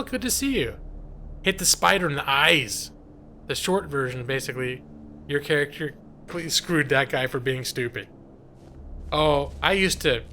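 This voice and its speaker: A man's voice: on the high side, sharp tone, a little hiss or hum. A middle-aged man casually chatting through a live game stream, reading chat aloud and rambling. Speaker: gaming streamer.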